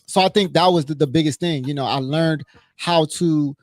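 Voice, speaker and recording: A man from Inglewood, California telling a personal story in a casual chat, animated, swearing freely and acting out what others said. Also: on the high side, normal speed, no room sound.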